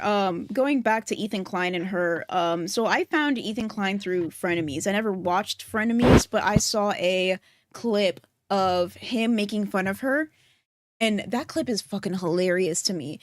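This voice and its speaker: A woman co-hosting a casual commentary chat, animated and quick to mimic others. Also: mid-range voice, no room sound. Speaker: co-host.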